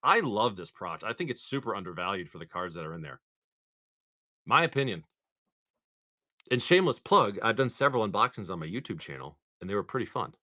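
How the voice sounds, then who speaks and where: Lively, chatty male stream host. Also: fairly low pitch, fairly quick. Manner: chatty and excitable, talks straight to viewers. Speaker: live-stream card seller and host. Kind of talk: casual live-stream chat while opening packs.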